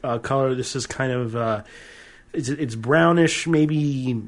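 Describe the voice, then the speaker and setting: Beer podcast cohost guy, playful, keeps chuckling, normal pitch. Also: slow. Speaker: podcast co-host. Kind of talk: casual beer-tasting chat.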